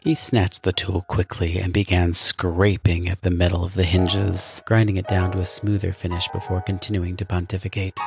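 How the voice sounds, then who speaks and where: Deep, gravelly male narrator. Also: flat delivery, moderate pace, hardly any pauses, soft background music. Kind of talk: audiobook narration.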